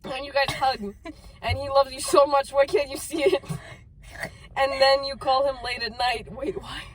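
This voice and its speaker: A woman's voice: high-pitched, fairly even intonation, moderate pace, a little hiss or hum. A young woman reading her old fan fiction aloud. She keeps breaking off into giggles and restarting sentences. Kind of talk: reading aloud between bursts of laughter.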